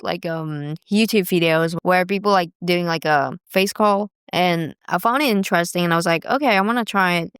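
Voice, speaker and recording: Chatty young woman, smooth clear voice. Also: lowish voice, no echo, clean studio sound. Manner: chatty, many fillers, laughs while telling stories. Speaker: vlogger. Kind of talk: casual storytelling to camera.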